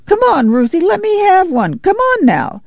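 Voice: extremely high pitch, wildly swooping pitch, moderate pace, gravelly, dry recording, highs cut off, pitched above the performer's own voice, full character voice. A reader doing a whiny pleading little boy. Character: whining little farm boy.

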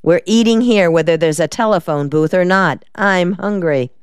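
A woman's voice: on the low side, moderate pace, clear, resonant tone, no echo, natural voice. A woman reading the part of a shrewd, wisecracking male defense lawyer in an audiobook, in a dry, decisive manner.

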